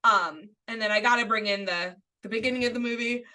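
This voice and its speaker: A woman's voice: a little high, fairly quick, sharp tone. A woman co-hosting a podcast in casual chat, eagerly retelling favorite film lines. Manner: enthusiastic, acts out quoted lines. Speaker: podcast co-host.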